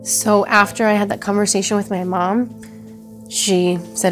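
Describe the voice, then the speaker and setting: A young woman speaking in a documentary interview, recounting her experience in a soft, halting way. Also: mid-range voice, little pitch movement. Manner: soft, halting, emotional retelling. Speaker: interviewee, abuse survivor. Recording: faint music underneath.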